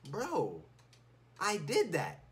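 A man commentating his own video game play in his room, slangy and excitable, swinging from low muttering to loud shouts. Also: very slow. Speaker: gaming YouTuber. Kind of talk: live gameplay commentary. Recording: music playing behind.

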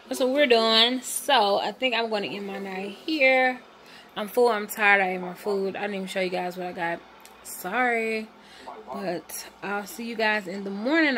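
A woman's voice: mid-range voice, pushed and bright. A woman in her thirties vlogging casually to the camera from home and her car, chatty and swearing freely, talking to viewers as y'all. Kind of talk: casual vlog chat to camera.

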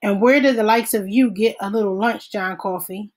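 Wary male deputy, quiet and careful, read by a woman for an audiobook. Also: mid-range voice, moderate pace, lightly acted. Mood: calm questioning. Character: steady male sheriff's deputy, wary but calm.

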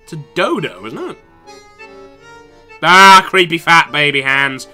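A man's voice: a little high, measured pace, bright, forceful tone, clean tone, faint music behind. A young man in university playing a video game, reading the dialogue aloud and mocking the characters with sarcastic, profane remarks. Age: young adult. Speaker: let's play gamer.

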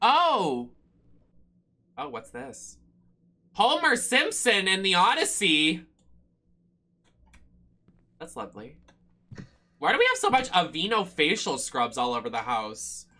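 Animated, bright-voiced swearing horror streamer. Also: medium pitch, slow, long pauses. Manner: loud, profane, jokey running commentary; sudden squeals and shouts when startled. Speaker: streamer playing horror games. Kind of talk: live game stream commentary.

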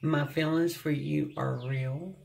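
A tarot reader talking viewers through a heartfelt card reading at an unhurried, drawn-out pace. The voice carries a gravelly fry, broken up by soft hums and sighs. The delivery is tender and close to tears. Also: mid-range voice, fairly even intonation, slight background noise. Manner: slow, gentle, often humming and sighing; speaks with emotion, close to tears at times.

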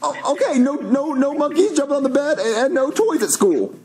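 A man's voice: extremely high pitch, big pitch swings, fairly quick, over a noisy crowd. A man playing a meek, flustered father who talks hesitantly and stammers.

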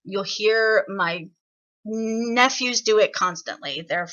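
A woman leading an online singing workshop, chatty and encouraging, explaining with lively examples over a video call. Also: medium pitch, slow pace, lo-fi sound. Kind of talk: online voice lesson.

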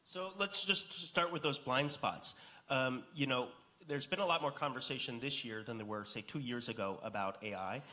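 An American man with a bright, forward voice leads a panel discussion. He sets up topics in a relaxed, conversational way, with frequent ums between thoughts. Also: mid-range voice, normal speed. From United States. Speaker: panel moderator.

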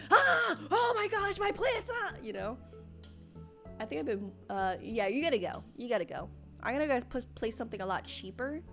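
A young woman streaming a game live, panicking, exclaiming and pleading with the game as she plays. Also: on the high side. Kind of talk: live gameplay commentary. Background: game music.

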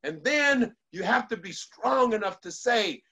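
A man's voice: high-pitched, animated, unhurried, sharp tone, slightly rough. A man giving a motivational speech to an online audience, preacherly, repeating lines for emphasis and leading call-and-response. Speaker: motivational speaker.

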